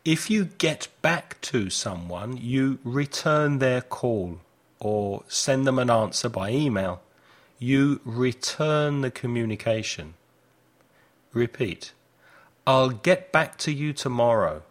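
A man leads a repeat-after-me lesson, sounding out each phrase with care. His delivery is slow, and his pitch swings widely to show the class how each line should sound. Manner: clear, deliberate modelling of phrases with lively intonation. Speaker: English teacher.

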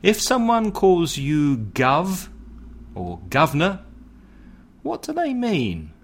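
A middle-aged man teaching slang in a slow, deliberate podcast lesson. He spells words out letter by letter and acts out short example phrases. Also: a little high, huge pitch swings. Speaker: English teacher, podcast host. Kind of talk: scripted language lesson.

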